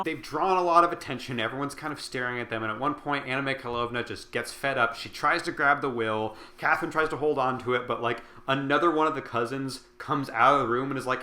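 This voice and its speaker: A man's voice: medium pitch, fairly quick, sharp tone. A tipsy man casually recapping a book, rambling with lots of fillers and swearing. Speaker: host. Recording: roomy echo.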